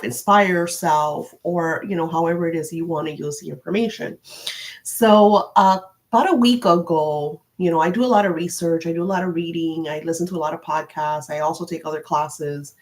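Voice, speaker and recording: A middle-aged woman hosting a spiritual live stream from home, chatting casually and rambling with many fillers. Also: deep voice.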